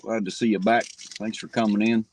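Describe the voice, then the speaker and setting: A man's voice: fairly low pitch, flat delivery, a little fast, a little hiss or hum, rough recording. A man hosting a live stream, joking casually with viewers and greeting them by name while he eats. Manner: eats and talks between bites. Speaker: livestream host.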